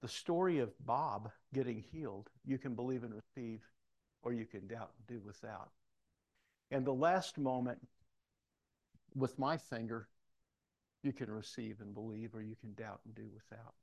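Gravelly man preaching a story sermon. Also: medium pitch, normal speed, long pauses, a little mellow, dull audio. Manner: storytelling, acts out voices in quoted lines. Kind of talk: sermon with personal stories.

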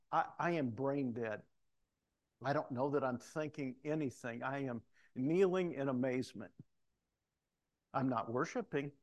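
A middle-aged man preaching a sermon, telling personal stories and acting out the voices of people he quotes. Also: mid-range voice. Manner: storytelling, acts out voices in quoted lines.

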